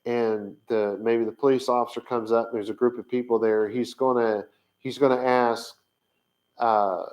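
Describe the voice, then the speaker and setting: A man giving an informal teaching talk on camera, thinking aloud with many pauses and fillers as he searches his notes. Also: mid-range voice, level tone, low-quality recording. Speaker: Bible language teacher.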